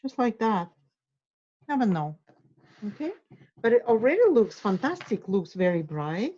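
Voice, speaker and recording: A woman guides a drawing lesson, encouraging her students as she draws. Her voice is mellow and warm. The recording sounds somewhat dull. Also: mid-range voice, very animated, measured pace. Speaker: art instructor.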